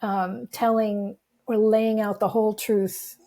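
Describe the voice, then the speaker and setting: A woman's voice: medium pitch, slow. A middle-aged woman, a grief recovery specialist, telling a personal story in a conversational interview. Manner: reflective, animated when quoting others.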